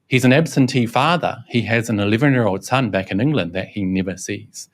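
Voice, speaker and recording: A man's voice: on the low side, brisk. A man narrating scripted online commentary in a sarcastic, mocking manner.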